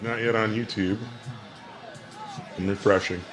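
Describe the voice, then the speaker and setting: A man co-hosting a podcast in casual banter, laughing often and quick to correct the others. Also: fairly low pitch, fairly even intonation, a bit bright, faint music behind, a faint crowd. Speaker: podcast co-host. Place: bar during a football game.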